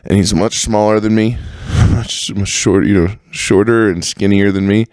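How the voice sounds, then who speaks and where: A man's voice: fairly low pitch, measured pace, no echo, studio quality. Profane rambling man telling stories. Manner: profane, rambling, animated when quoting others. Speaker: podcast host. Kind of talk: casual storytelling monologue.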